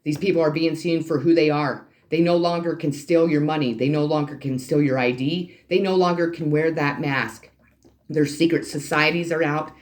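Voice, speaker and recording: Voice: mid-range voice, fairly even intonation, moderate pace. A tarot reader talking to a channel's viewers, ranting in a heated, profane and preachy way and calling out to them as people. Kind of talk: ranting spiritual card reading for a channel.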